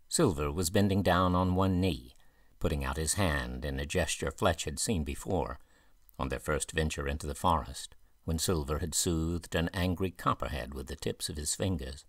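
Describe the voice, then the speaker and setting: A man narrating an audiobook with even, measured storytelling. His voice is very low and slightly husky. The sound is close and dry. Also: dry recording. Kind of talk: scripted narration.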